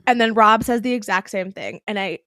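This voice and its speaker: A woman's voice: medium pitch, a little fast, a bit bright, no echo, studio quality. A woman co-hosting a podcast in a casual chat, blunt, heated and often profane. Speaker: podcast co-host.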